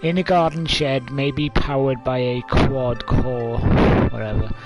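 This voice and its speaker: A man's voice: mid-range voice, fairly even intonation, unhurried, loud music behind the voice. A man of twenty-five, telling a story casually to camera with lots of fillers. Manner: rambling, many fillers, coughs and laughs.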